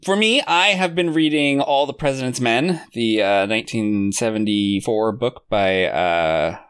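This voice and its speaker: A man's voice: medium pitch, unhurried, a bit bright, smooth, dry recording, studio quality. A man hosting a podcast in casual chat, hesitant with many ums and uhs, laughing often. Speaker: podcast host.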